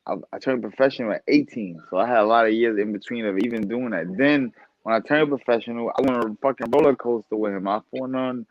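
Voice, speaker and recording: A boxer talking casually as a podcast guest, animated and profane, often laughing. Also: male voice, mid-range voice, fast, no echo, muffled recording. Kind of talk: casual interview talk.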